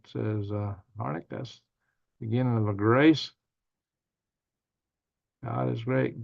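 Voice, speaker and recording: A man's voice: mid-range voice, fairly even intonation, unhurried, creaky, pauses often, lo-fi sound. A man hosting a casual livestream, reading viewer comments aloud and answering them in a rambling, thinking-aloud way. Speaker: livestream news host.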